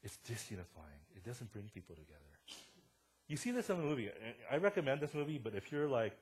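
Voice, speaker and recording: A young adult man preaching a sermon in a church, casual and joking as he tells stories, swinging from quiet asides to loud, animated bursts. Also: medium pitch, fast talker, breathy edge. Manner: casual, joking storyteller with a wide swing in loudness. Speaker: pastor. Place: church sanctuary.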